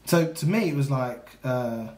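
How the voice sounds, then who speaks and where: A man's voice: medium pitch, expressive, unhurried, darkish tone. A man, telling a story in a casual podcast chat and acting out the voices in his quotes. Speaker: podcast co-host. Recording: echoey room.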